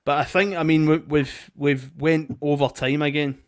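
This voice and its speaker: A Scottish man co-hosting a casual podcast chat, joking and quick to laugh between remarks. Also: fairly high pitch, level tone. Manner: jokey, bursts into laughter, quick asides. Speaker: podcast co-host.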